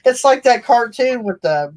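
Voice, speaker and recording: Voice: medium pitch, animated, moderate pace, a little mellow. Chatty, giggly co-host. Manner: chatty and giggly, laughs through anecdotes. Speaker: co-host of a daily live show. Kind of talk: casual chat.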